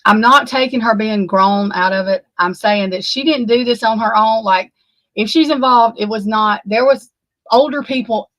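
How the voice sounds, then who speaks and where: A woman's voice: on the high side, normal speed, a bit bright, no echo, poor audio. A woman giving unscripted true crime commentary, heated and emphatic, swearing freely and repeating herself. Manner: heated, profane, emphatic and repetitive.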